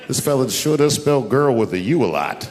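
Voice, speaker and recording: A man telling stand-up comedy stories, acting out the people in them and dropping to a hushed mumble for sheepish asides. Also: medium pitch, normal speed, over loud music. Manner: animated, acts out the voices of people in his stories.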